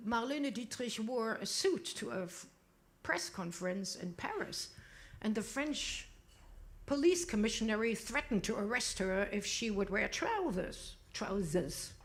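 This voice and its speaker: A woman, a cabaret singer telling stories on a small club stage in a playful, theatrical way, teasing the audience into a stage microphone. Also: fairly high pitch. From Germany. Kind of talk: onstage storytelling between songs.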